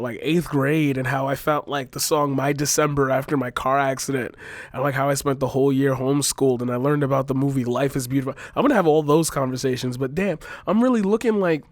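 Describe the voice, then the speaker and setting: A man's voice: fairly high pitch, dry recording. Exasperated young man ranting. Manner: exasperated, profane, sarcastic. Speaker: vlogger. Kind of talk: frustrated opinion rant to camera.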